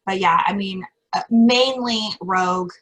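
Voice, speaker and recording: A middle-aged woman appears as a guest on a podcast, rambling, correcting herself, and laughing often in a casual interview chat. Her mid-range voice is a bit bright and a little slow, heard on a low-quality recording.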